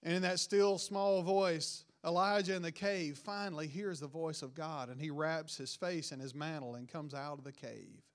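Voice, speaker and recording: A man preaching a sermon, retelling a Bible story with rising emphasis and quiet, dropped line endings. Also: fairly high pitch, moderate pace, few pauses.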